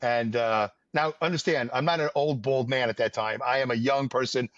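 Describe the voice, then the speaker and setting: Speaking at a normal speed in a mid-range, slightly bright voice, this New York-area podcast host chats casually, spinning meandering, wry stories packed with fillers. The lo-fi recording sounds dull and dry, with no room sound.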